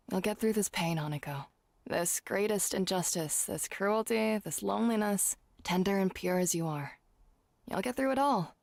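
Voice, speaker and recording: A woman voicing Miss Arisugawa, a gentle and wise older female performer, in a comforting, theatrical manner during a tabletop role-play. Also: on the low side, vocal fry, no echo.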